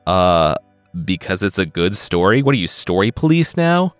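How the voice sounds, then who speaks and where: A man's voice: deep voice, big pitch swings, normal speed, clear, resonant tone, dry recording, soft background music. A man voicing a sick old Viking king who answers with flippant, exasperated retorts.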